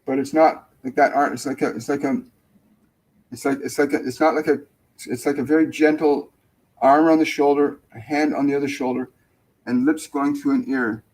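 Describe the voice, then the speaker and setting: A man hosting a live mediumship show, relaying messages gently and hesitantly, with many fillers and restarts. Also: medium pitch, steady tone, moderate pace, low-quality recording. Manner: soft, dropping almost to a whisper when relaying tender messages. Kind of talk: casual live mediumship reading.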